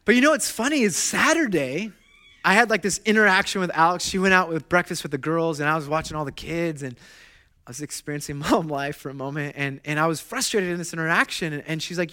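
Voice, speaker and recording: Bright-voiced man preaching conversationally. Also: high voice, brisk. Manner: conversational, animated storytelling with self-deprecating asides. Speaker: pastor. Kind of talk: sermon.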